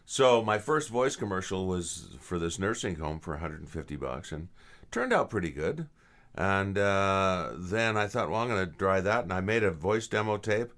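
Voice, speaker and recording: A man's voice: sits low, normal speed. A middle-aged man from England with a Canadian accent, telling stories in a casual interview and acting out the voices he quotes. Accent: Canadian English. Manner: animated, acts out quoted voices. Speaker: voice actor guest.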